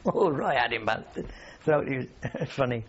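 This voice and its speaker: A man's voice: mid-range voice, animated, normal speed, highs cut off, slight background noise. An older man, a war veteran, telling rambling anecdotes in an oral history interview and chuckling often.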